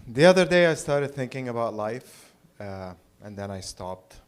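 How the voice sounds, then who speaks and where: A man from the Middle East doing a stand-up set at a small open mic, halting and dry, full of filler words. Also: medium pitch, sing-song, smooth. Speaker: stand-up comedian. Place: small live comedy venue.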